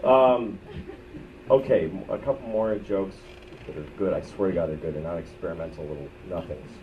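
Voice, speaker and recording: A man in his thirties doing live stand-up, profane and ranting, swinging from loud outbursts to low muttered asides. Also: moderate pace. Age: 30s. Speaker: stand-up comedian. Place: comedy club stage. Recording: muffled bootleg recording from a distance with loud crowd noise. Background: audience laughter.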